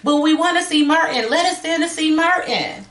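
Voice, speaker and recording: A woman's voice: high-pitched, normal speed, fairly bright tone, distant mic, voice pushed up. A woman voicing a gleeful, cruel little girl who taunts and giggles, within a spoken true-crime story. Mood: gleeful taunting. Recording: echoey room.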